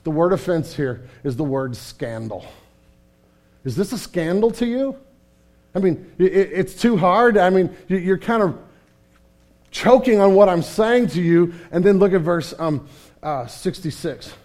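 A man with a fairly high voice preaching a sermon. He talks candidly and conversationally, restarting his phrases often. His delivery swings between quiet, somber stretches and loud, animated bursts. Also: a little slow. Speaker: pastor.

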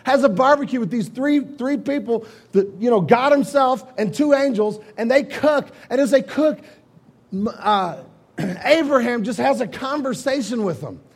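A man preaching in a relaxed, storytelling manner, his voice pitched fairly high with a husky, breathy edge. He slips into quick, lively retellings of old stories as he talks to his congregation. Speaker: pastor. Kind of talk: sermon.

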